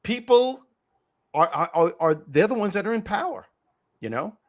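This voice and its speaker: Emphatic storytelling man, slightly high. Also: big pitch swings, moderate pace. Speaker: host. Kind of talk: podcast conversation.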